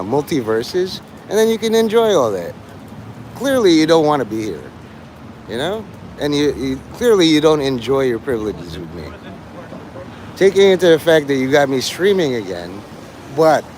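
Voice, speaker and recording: Animated man rambling at his stream chat. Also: mid-range voice, a little hiss or hum. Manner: rambling, teasing, bursts into mock-angry swearing rants. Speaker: livestreamer. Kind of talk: rambling livestream chat to viewers.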